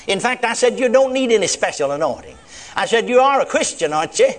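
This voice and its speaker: A man's voice: high voice, lively intonation, fast talker. A man preaching a sermon, retelling a conversation and acting out both sides. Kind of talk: sermon with retold dialogue.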